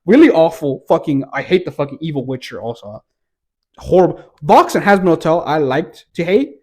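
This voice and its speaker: Male TV reviewer, casual exasperated rant, frequent swearing, slightly raised pitch. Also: expressive, moderate pace. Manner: profane, exasperated, rambling with restarts.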